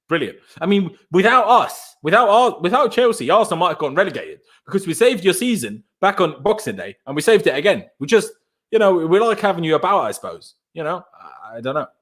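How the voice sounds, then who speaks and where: A young man hosts a post-match fan reaction stream. His voice sits high and swings widely in pitch as he rants in exasperation. He repeats himself for emphasis and trades banter with viewers reading out their messages. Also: very animated, fairly quick, a bit bright. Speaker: fan channel host reacting to chat.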